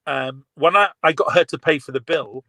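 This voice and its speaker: A man's voice: a little high, moderate pace, no echo, low-quality recording. A man, animatedly telling a story over a video call. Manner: animated storyteller, laughs often. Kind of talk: casual video call chat.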